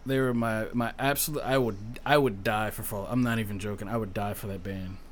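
A man's voice: fairly low pitch, brisk. A man in his thirties, a podcast guest, telling stories in casual chat and swearing freely. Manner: animated storyteller, swears freely, self-deprecating.

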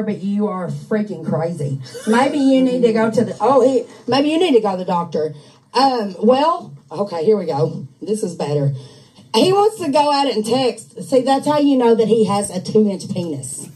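Woman, casual profane rant, taunting and laughing, mid pitch, slightly off-mic. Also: animated, moderate pace, mellow, far from the mic, low-quality recording. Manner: mocking, crude, laughs often. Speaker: streamer ranting at an online troll. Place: on a couch at home. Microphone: handheld microphone.

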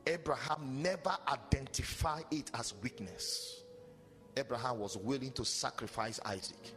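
A man preaching a sermon as pastor, animated and storytelling with mocking asides. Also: medium pitch, a little slow. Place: church hall. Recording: long hall reverb with faint music.

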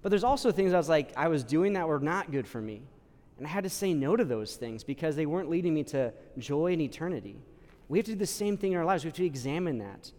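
A man's voice: a little high, big pitch swings, fast, a little mellow, big-room sound. A man, a priest, preaching a sermon in a casual, conversational way, full of fillers and acted-out quotes. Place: church.

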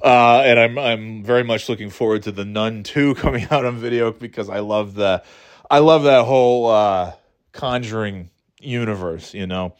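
A man's voice: fairly low pitch, normal speed, clear, resonant tone. A man hosting a podcast, chatting casually about movies in a rambling, profane way, acting out scenes in mocking voices. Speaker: podcast host.

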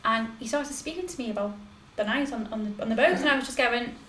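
High bright-voiced young woman rambling. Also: fast talker, roomy sound, slight background noise. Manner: rambling, full of "like" and restarts. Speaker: podcast host. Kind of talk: casual storytelling chat.

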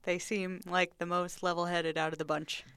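A woman co-hosting a podcast, recapping a reality show in casual chat, opinionated and quick to laugh. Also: on the low side, little pitch movement, fairly bright tone, clean tone, no echo, clean studio sound. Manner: chatty, laughs often, opinionated. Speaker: podcast co-host.

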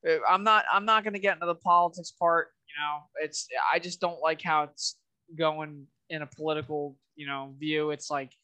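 Bright-voiced man rambling on a podcast. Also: a little high, fairly even intonation, normal speed, smooth. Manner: rambling, leans heavily on "you know". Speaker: podcast co-host. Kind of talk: casual podcast chat.

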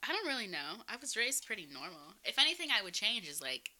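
Giggly, lively young woman from Massachusetts. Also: mid-range voice, fast. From Massachusetts, USA. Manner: giggly, playful, slipping into silly voices. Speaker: podcast co-host. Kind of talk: casual chat.

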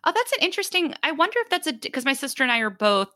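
A woman hosting a podcast, chatting casually and telling animated stories, slipping into mocking voices. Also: high-pitched, rapid-fire, no echo. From Italian immigrant family. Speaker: podcast host. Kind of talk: casual chat.

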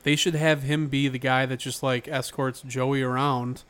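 A man's voice: medium pitch, little pitch movement, moderate pace, fairly bright tone, smooth. A man co-hosting a podcast, chatting loosely and rambling with plenty of swearing. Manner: loose, profane, rambling banter. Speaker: podcast co-host. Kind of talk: casual podcast chat.

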